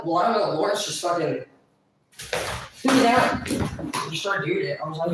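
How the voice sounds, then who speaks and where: A man's voice: on the high side, brisk, fairly bright tone, far from the mic, a little hiss or hum. A man telling a rambling, profane story about an ex, acting out the other voices. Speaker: vlogger. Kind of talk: casual storytelling. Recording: very echoey room, away from mic.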